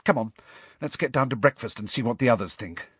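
A man voicing a clever, bossy teenage schoolgirl who talks in a brisk, precise way. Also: medium pitch, expressive, fairly bright tone, slightly rough, dry recording. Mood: grim. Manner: brisk and precise, firm and grim when crossed.

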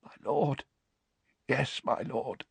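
A man playing a cowering servant with a high, hoarse, croaking voice, groveling and rushing his words. The sound is dry and up close. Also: bright, forceful tone, dry recording, heavily acted. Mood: groveling fear. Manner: groveling, hurried, fearful.

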